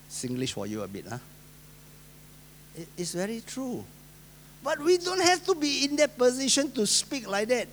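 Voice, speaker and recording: A male pastor with a Singaporean English accent preaching a sermon, swinging between loud emphasis and soft asides, acting out the voices of people he quotes. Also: high-pitched, sing-song, measured pace, pauses often.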